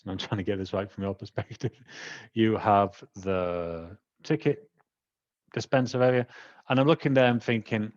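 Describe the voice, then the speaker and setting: A man with a Welsh accent, telling a personal story in an animated way and acting out the people he quotes. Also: medium pitch. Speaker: trainer. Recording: dull lo-fi recording.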